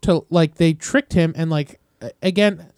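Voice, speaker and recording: A man's voice: fairly high pitch, unhurried, a little mellow, clear, resonant tone, no room sound, studio quality. A man co-hosting a podcast in casual chat, chatty and hedging his opinions. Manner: chatty, hedging, laughs easily. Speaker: podcast co-host.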